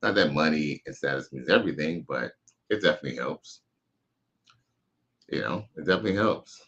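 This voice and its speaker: A man with a very low voice chats casually on his live stream, reading viewer comments and riffing in relaxed slang. His voice comes through muffled and dull. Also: brisk. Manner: laid-back slangy banter, reads chat aloud.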